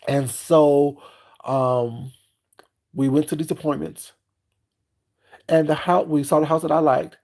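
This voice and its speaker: A man vlogging a casual rant, expressive and frank, often checking in with "you know what I'm saying.". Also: on the high side, slow pace, long pauses. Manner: animated and expressive, acting out both sides of scenes. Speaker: food and lifestyle vlogger.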